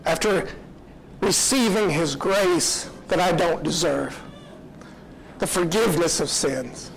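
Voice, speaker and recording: Slow, earnest man preaching a sermon. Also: on the high side, vocal fry, a little hiss or hum, poor audio. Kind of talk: sermon storytelling.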